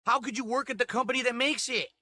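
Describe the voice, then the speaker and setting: A man's voice: very high-pitched, fairly even intonation, fast, pushed and bright, no echo. A man reviewing food on camera from his desk at home, ranting indignantly and repeating himself. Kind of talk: angry food review rant.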